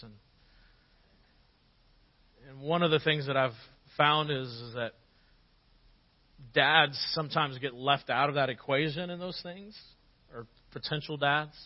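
A male pastor in his forties delivers a sermon in a slightly high voice, moving from steady teaching into animated storytelling with acted-out quotes. The recording sounds dull and lo-fi. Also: unhurried, pauses often.

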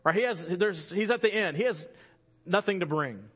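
A man whose voice sits high and carries a slight roughness preaches in a vivid storytelling style. He grows louder for emphasis, then eases into soft, slow delivery at key moments.

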